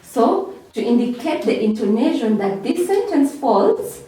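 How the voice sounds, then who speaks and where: A woman teacher speaks slowly with a rising and falling, expressive pitch, repeating each key word several times. She stands away from the microphone. The room gives her voice a strong echo. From Kenya. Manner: slow, repeats key words with drawn-out emphasis. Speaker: English teacher. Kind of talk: revision lesson. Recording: echoey room, far from mic.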